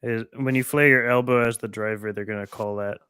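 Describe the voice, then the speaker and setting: Chill guy talking basketball, smooth clear voice, dry close sound, laughs a lot. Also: mid-range voice, fairly even intonation, brisk, sharp tone, dry recording. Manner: laid-back, laughs easily, calls plays like an analyst. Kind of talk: casual live game chat.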